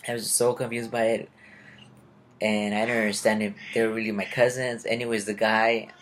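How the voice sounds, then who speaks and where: A man's voice: fairly low pitch, level tone, brisk, fairly bright tone, a little hiss or hum. Rambling young man telling a story. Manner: rambling, confused, retells conversations in quotes. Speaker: vlogger. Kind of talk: casual storytelling.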